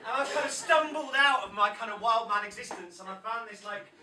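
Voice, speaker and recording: High-voiced anxious guy rambling on stage in a pub, keeps cutting himself off, crowd all around. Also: fairly quick, recorded from a distance. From South-West England. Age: 30s. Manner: anxious, self-interrupting, laughing. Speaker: poet performing a live set. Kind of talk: rambling stand-up poetry patter. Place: pub stage before a live audience. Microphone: stage microphone, often off-mic. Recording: echoey pub room from afar, crowd.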